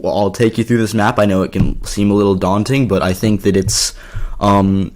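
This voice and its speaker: A man with a slightly hoarse voice, talking casually through an election map with lots of fillers and restarts. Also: fairly low pitch, steady tone, normal speed, a little mellow. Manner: rambling, filler-heavy, self-correcting. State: slightly hoarse from yelling at a party. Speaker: political commentary YouTuber. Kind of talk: casual explainer commentary.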